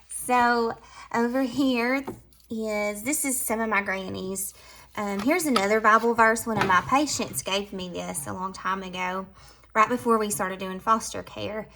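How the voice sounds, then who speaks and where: A woman with a Southern US accent, giving a casual, affectionate tour of her home decor as a vlogger. She drifts between soft, tender remarks and brighter, lively ones. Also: mid-range voice, unhurried, slight background noise.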